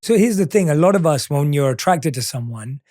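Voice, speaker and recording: A man's voice: on the high side, expressive, a little fast, dark tone, dry recording, clean studio sound. A man hosting a podcast interview, chatting casually and agreeing supportively with his guest. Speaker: podcast host.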